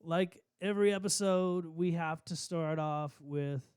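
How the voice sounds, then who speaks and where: Male podcast host, high smooth voice, dry close sound, casual and profane, stumbling delivery. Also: a little slow, darkish tone, dry recording. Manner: loose, profane, stumbles and repeats words. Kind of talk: casual chat. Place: studio.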